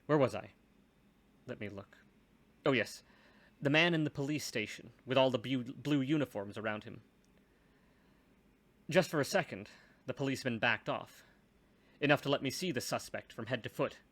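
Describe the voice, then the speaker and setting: A man's voice: medium pitch, moderate pace, long pauses, a bit bright. A man reading a first-person story aloud, with dry, wry asides.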